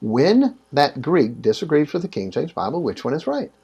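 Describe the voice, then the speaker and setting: Man, mellow tone, slightly husky, animated storyteller, casual interview chat. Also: moderate pace. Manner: animated storytelling, frequent pitch jumps.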